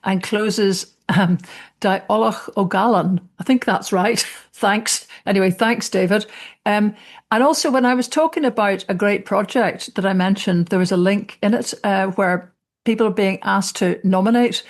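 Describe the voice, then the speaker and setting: A woman's voice: medium pitch, moderate pace. A Scottish woman hosting a podcast, chatting casually with laughs and restarts. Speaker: podcast host.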